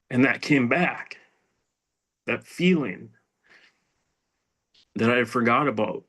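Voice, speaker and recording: A middle-aged man telling his recovery story in a rambling, halting way, full of restarts and fillers, dropping to a near whisper at painful moments. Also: mid-range voice, a bit bright. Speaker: speaker sharing recovery story. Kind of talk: personal testimony at a recovery meeting.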